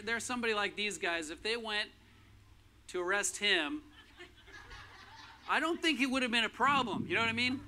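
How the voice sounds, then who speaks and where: High bright-voiced male pastor. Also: slight background noise. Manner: casual, conversational preaching with many fillers. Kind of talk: sermon.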